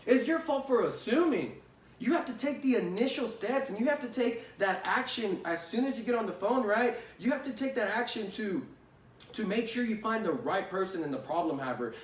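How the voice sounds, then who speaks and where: High-voiced man teaching sales, roomy echo. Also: expressive, moderate pace. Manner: conversational, repeats phrases, many "right?" tags. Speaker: sales trainer. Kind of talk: casual spoken lesson. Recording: roomy echo, distant from the mic.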